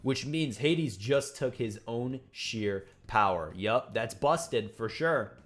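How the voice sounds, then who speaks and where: A man hosting a casual reaction show, reading aloud and commenting in an excitable, profane way, with faint music behind him. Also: medium pitch, slow pace. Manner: excitable and profane, laughs along. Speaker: manga reaction host.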